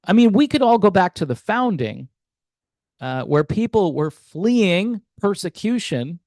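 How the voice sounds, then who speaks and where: A man with a fairly high-pitched voice delivers opinion commentary in a skeptical, argumentative way. He keeps asking rhetorical questions and often stops to restart a thought. The recording is dry and close. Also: sing-song, a little slow, a little mellow, dry recording. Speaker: music commentary channel host.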